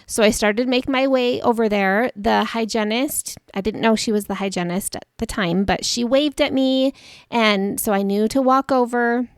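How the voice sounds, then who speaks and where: A woman's voice: a little high, moderate pace, clean tone, no echo, clean studio sound. A woman hosting a podcast, telling a personal story in a chatty way and laughing at herself. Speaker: podcast host.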